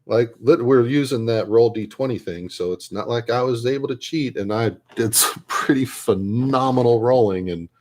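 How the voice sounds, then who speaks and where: A man's voice: medium pitch, normal speed, hardly any pauses, darkish tone. A man telling a rambling, self-interrupting tabletop gaming story in a casual way while painting at his hobby desk. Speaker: miniature painter and tabletop gamer.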